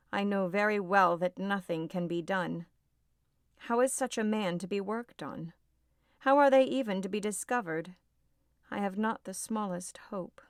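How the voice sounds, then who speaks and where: A woman's voice: medium pitch, no echo, natural voice. A woman reading an audiobook voices a distraught young woman, agitated and close to tears. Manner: agitated, tearful pleading.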